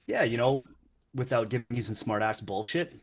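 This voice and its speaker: A man's voice: mid-range voice, lively intonation, normal speed. A man from Canada, a musician guest on a podcast, joking crudely and rambling in profane, self-mocking chat.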